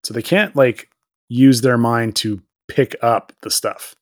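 A man co-hosting a podcast in casual chat, joking, rambling, and breaking into quick quoted voices. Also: mid-range voice, dry recording, clean studio sound. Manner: rambling, with restarts and filler. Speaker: podcast co-host.

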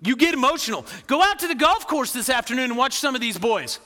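Man preaching sermon, high bright voice, long reverb of church hall. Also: fast talker. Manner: animated, acts out quoted voices, asks the crowd "right?". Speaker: pastor.

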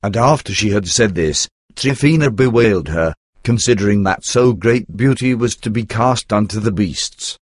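A man narrating an archaic text in a measured, unhurried reading voice. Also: lowish voice, husky, no echo, studio quality.

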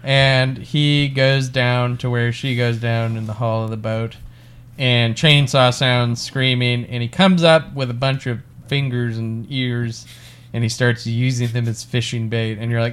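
A man co-hosting a casual movie review chat, laughing often, swearing and acting out scenes in quick voices. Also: mid-range voice, steady tone, a bit bright, clear, resonant tone. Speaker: podcast co-host.

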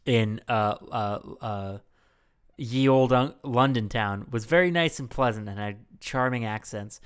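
A man's voice: fairly low pitch, unhurried, smooth. A man hosting a podcast, telling rambling jokey stories with lots of fillers. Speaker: podcast host. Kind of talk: casual podcast chat.

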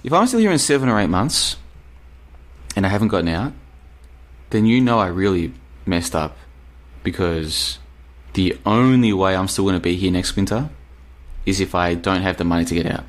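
An Australian man with a fairly low voice hosts a casual live stream and reads out viewers' messages. He talks in loose, rambling runs and hammers his points home by repeating them. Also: animated, moderate pace. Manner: rambling, emphatic, repeats himself. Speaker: podcast host reading live chat. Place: apartment in Bulgaria.

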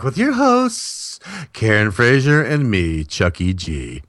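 A man's voice: fairly low pitch, huge pitch swings, unhurried, fairly bright tone. A man co-hosting a talk radio show, joking and teasing in casual banter.

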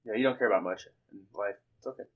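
A man's voice: on the low side, dull audio. A young man co-hosting a casual podcast, teasing his friends. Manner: teasing, quick-witted. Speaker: podcast co-host. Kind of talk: casual chat.

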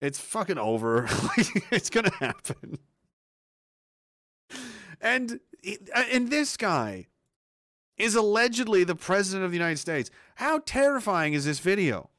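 A man hosting a livestream, ranting casually with lots of swearing and sudden loud outbursts. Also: sits high, measured pace, no room sound, clean studio sound. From partly Nova Scotia, Canada. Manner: rambling, profane, animated, bursts into shouts. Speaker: livestream host. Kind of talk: casual profane livestream rant.

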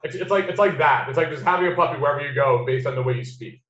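A man's voice: on the high side, racing, a bit bright. An American man hosting a podcast, chatting casually and bluntly, swearing freely and laughing easily. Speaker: podcast host. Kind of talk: casual chat. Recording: roomy, dull lo-fi sound.

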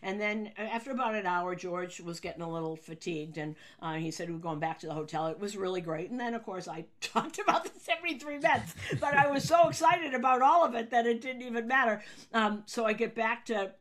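New lady telling a story in an interview, gets loud and high when she acts out quotes. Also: fairly quick. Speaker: sports radio broadcaster telling a story. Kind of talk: interview anecdote.

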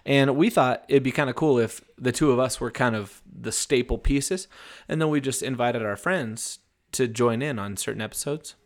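Young male co-host, casual banter, relaxed joking delivery, average pitch. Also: moderate pace. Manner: joking, laid-back, swears casually. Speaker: podcast co-host.

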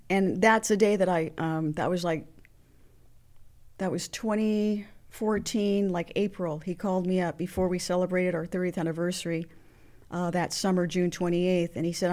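A woman's voice: on the low side, darkish tone. A woman sharing personal memories as an interview guest, speaking earnestly with frequent restarts. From Mexican heritage. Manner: earnest, halting, many restarts. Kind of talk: emotional personal storytelling.

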